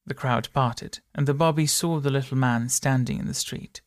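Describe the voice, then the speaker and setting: A man narrating a story in a steady, measured audiobook reading. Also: medium pitch, dry recording, clean studio sound.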